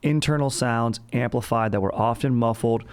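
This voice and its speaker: A man's voice: medium pitch, normal speed, a little mellow, clear, resonant tone. A man hosting a podcast, chatting casually about history with a rambling, jokey style and constant "dude" asides. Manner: slangy bro talk, says "dude" constantly. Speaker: podcast host. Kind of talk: casual comedic history chat.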